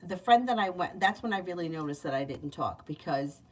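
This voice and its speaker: A woman's voice: lowish voice, lively intonation, a little fast. A woman giving tarot readings in a casual livestream, chatty and candid, laughing often. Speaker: tarot reader. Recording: distant mic, faint background noise.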